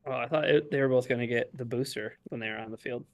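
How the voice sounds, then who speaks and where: A man's voice: mid-range voice, steady tone, fast talker. A man co-hosting a sports podcast and running a game segment, easygoing with hesitant fillers. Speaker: podcast co-host, game runner. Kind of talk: casual podcast banter.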